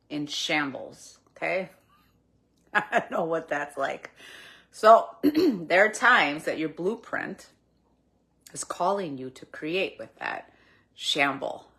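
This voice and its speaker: Low-pitched woman, slow unhurried delivery, spiritual teacher, gentle and reflective. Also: creaky. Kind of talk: spiritual talk, live stream.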